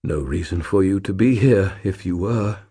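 A man voicing a dying old ghost warrior, weak and gentle. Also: low voice, normal speed, breathy edge, dry recording, studio quality. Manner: archaic, formal, courteous speech. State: weak and fading.

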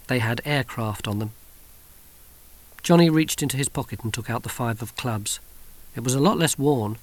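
A man reading a novel aloud in measured, wry audiobook narration. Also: medium pitch.

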